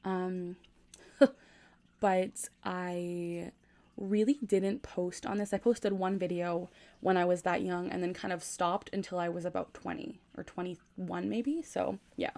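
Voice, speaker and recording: A woman's voice: fairly low pitch, fairly even intonation, slow, gravelly, darkish tone. A woman in her twenties chatting casually on a livestream from her room at night, keeping her voice down as she reads comments. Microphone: gaming USB microphone.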